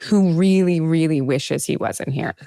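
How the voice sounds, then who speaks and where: Woman, podcast host, chatty, laughs a lot, somewhat low pitch, dry sound. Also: vocal fry, warm tone, no echo. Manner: chatty, laughs often, quick asides. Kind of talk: casual chat.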